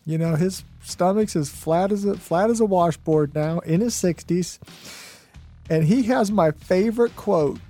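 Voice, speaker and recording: A man's voice: high voice, mellow. A man hosting a radio talk show, telling stories and urging listeners on in an earnest, motivational way with many fillers.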